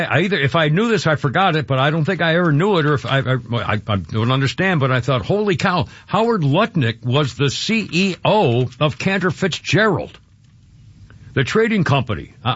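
A man's voice: on the high side, lively intonation, moderate pace, fairly bright tone, muffled recording. A man hosting a talk radio show, emotional and rambling, often choked up and restarting his sentences.

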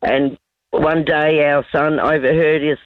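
A woman calling in to a radio show, telling a rambling story with many pauses. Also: deep voice, level tone, dry recording. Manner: rambling, hesitant. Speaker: caller. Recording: dull phone line.

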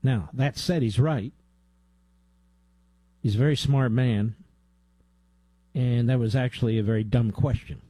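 A man's voice: a little slow, pauses often, dark tone, husky, dry recording. A man hosting a talk radio show, delivering emphatic, indignant commentary into a studio microphone. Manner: indignant, emphatic, rises in pitch when heated. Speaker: radio host.

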